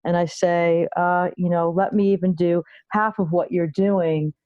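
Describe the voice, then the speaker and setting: A middle-aged woman hosting a podcast episode as a health coach, speaking in an unhurried, deliberate way. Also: on the low side, steady tone, no echo, highs cut off. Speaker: guest host, health psychology coach. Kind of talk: podcast monologue.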